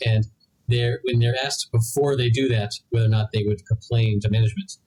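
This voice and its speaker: A man's voice: mid-range voice, fairly even intonation, fairly quick, darkish tone, poor audio. A young adult man co-hosting a podcast, chatting casually and rambling through his points with many restarts. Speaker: podcast co-host. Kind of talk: casual chat.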